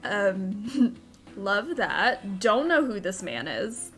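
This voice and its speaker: A woman's voice: mid-range voice, very animated, extremely slow, a bit bright. Giggly woman doing let's-play commentary, says like a lot, faint game music. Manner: giggly, chatty, lots of fillers. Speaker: gaming video host.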